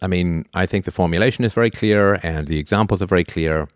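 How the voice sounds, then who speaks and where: A man giving an animated philosophy lecture, full of rhetorical questions and laughing asides. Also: low voice, quick pace, no room sound, clean studio sound.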